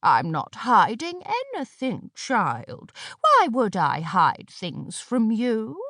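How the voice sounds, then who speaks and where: A woman voicing a very old, sly witch who speaks in a rasping, wheezy voice, slow and knowing, in an audiobook. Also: on the high side, huge pitch swings, fairly bright tone, no room sound, studio quality, exaggerated voice. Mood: sly, croaking. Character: ancient wheezing female witch, sly and unhurried. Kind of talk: audiobook character voice.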